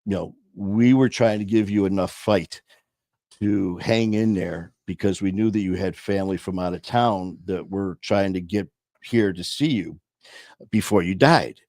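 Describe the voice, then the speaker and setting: A man's voice: deep voice, a little slow, a little mellow, no room sound, clean studio sound. A man casually telling a personal story, blunt and profane, with many restarts and trailing phrases. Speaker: podcast host telling his story.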